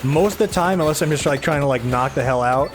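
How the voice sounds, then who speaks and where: A man giving casual, rambling gameplay commentary, sounding tired, a little raspy and short of breath, with a soft, somber tone. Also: a little high, fast talker. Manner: rambling, chatty, self-deprecating. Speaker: gaming video host. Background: game music.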